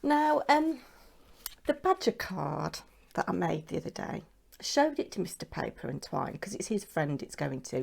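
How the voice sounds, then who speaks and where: British lady, middle-aged, chatting away about her crafts, lowish voice with a bit of fry. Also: very animated, moderate pace. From United Kingdom. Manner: chatty and rambling, showing crafts. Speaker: craft vlogger. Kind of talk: casual chat to camera.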